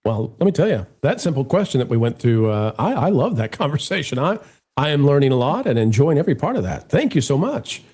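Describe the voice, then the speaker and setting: Lively joking man hosting a live stream. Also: mid-range voice, fairly quick, husky. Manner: animated, joking, addresses viewers directly. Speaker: livestream host. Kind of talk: casual live-stream chat.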